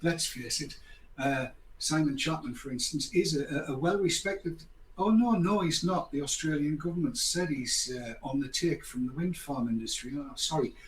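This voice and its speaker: A man's voice: mid-range voice, normal speed. An older man hosting a casual chat, rambling and sarcastic, with mock apologies. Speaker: host. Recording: echoey room, faint background noise.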